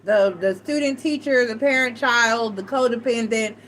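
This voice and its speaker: A middle-aged woman telling personal stories to a live chat, animated and acting out what others said. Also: a little high, normal speed, slight background noise, low-quality recording. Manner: animated, acts out quoted voices, frequent self-restarts. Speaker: tarot reader and live chat host. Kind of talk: casual storytelling to a live chat.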